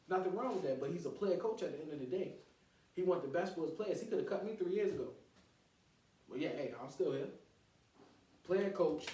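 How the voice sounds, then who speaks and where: A man's voice: sits high, darkish tone. A man hosting a casual sports talk show, opinionated and full of slang. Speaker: podcast host. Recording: echoey room, mic at a distance.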